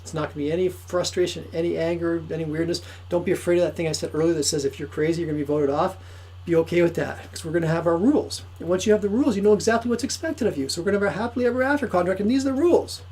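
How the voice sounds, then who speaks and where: A man giving an excitable, repetitive motivational sales pitch to camera for his course. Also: racing, breathy edge, poor audio. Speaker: course promoter.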